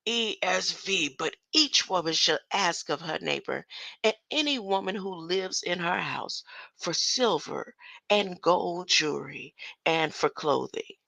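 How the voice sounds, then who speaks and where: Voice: mid-range voice, animated, unhurried, creaky, bright, forceful tone, no room sound. An older speaker in a rambling solo monologue who reads scripture verses aloud, argues with them, laughs often and keeps asking "huh?". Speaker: self-styled scripture commentator.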